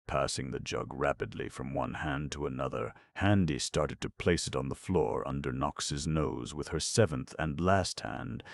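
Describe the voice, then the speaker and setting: Very deep gravelly male narrator. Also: dry recording, studio quality. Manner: steady storytelling. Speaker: audiobook narrator. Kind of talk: scripted narration.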